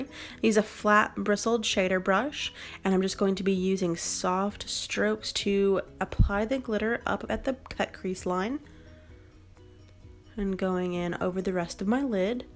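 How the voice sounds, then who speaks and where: A young woman narrates her makeup tutorial in an unhurried, instructional way. Her voice sits in a middle register, and faint music plays behind her. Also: medium pitch. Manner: calm, step-by-step instructional. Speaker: beauty vlogger.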